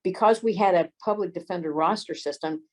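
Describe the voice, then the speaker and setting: Older woman, low-pitched, relaxed raconteur recounting legal career stories. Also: fairly quick, poor audio. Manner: folksy anecdotes, acts out quoted voices. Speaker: lawyer and former detective. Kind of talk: storytelling interview.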